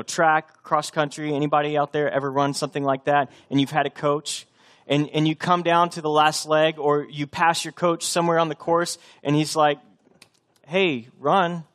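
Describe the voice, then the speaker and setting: A man from Texas preaching a sermon in an earnest, conversational way, with restarts and direct challenges to the congregation. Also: a little high. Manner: earnest, conversational preaching with bursts of coach-like shouting. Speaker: pastor.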